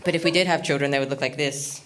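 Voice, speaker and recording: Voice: mid-range voice, fairly even intonation, fast, heavy background noise. A stand-up comedian doing a rambling, awkward, self-deprecating set with lots of ums, from Australia, recorded on a comedy studio stage.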